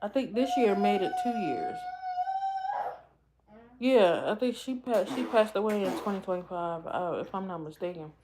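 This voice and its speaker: A woman vlogger in emotional casual talk, halting and tearful, often repeating herself as she speaks. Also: mid-range voice, big pitch swings, noisy background. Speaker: vlogger host.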